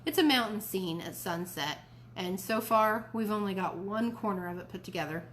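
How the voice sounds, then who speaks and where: A woman reading a children's novel aloud for a library storytime, clear and expressive. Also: mid-range voice, moderate pace, a little hiss or hum.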